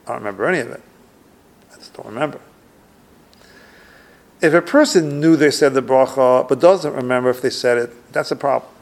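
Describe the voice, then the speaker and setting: A man's voice: medium pitch, brisk, creaky, pauses often. A man teaching a religious class, reading Hebrew texts aloud and translating each line, thinking aloud with restarts. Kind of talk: religious lecture with text reading.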